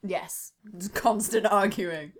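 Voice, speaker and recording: A woman's voice: medium pitch, slow pace. A woman co-hosting a podcast, recounting a film plot in a wry, giggly casual chat. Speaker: podcast co-host.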